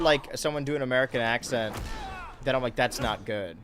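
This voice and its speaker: A man's voice: medium pitch, fairly quick, noisy background. A man streaming a video game in casual commentary, rambling, swearing freely and reading chat questions aloud. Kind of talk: casual let's-play commentary.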